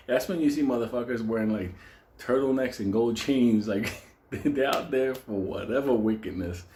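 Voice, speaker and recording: A man from Puerto Rico spins a profane, comic story, cursing freely and breaking into laughter again and again. His voice sits in an ordinary middle pitch for a man. The recording has a roomy echo with faint ambience underneath. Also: lively intonation, normal speed, a little mellow, a little hiss or hum. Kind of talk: casual comedic storytelling.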